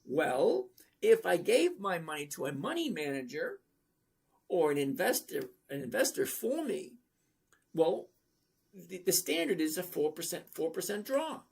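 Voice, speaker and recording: A man's voice: fairly high pitch, big pitch swings, measured pace, creaky, darkish tone, slightly rough. A man in his sixties hosting a trading livestream, talking bluntly and rambling as he reads out viewers' comments. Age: 60s. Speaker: trading channel host. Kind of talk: casual livestream talk.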